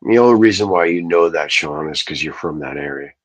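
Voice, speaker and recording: A man's voice: rumbling low, brisk, poor audio. A man ranting casually on a livestream, rambling and swearing as he answers his chat. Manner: profane, rambling, talks back to chat.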